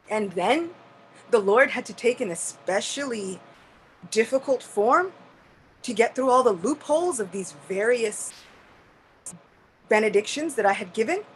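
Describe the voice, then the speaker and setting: A woman's voice: high voice, a bit bright, husky, exaggerated voice, rough recording. Troubled old creator god, voiced by a woman. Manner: self-reproaching, earnest, emphatic. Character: Lord Brahma, elderly male creator god, troubled and humble. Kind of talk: devotional storytelling in character.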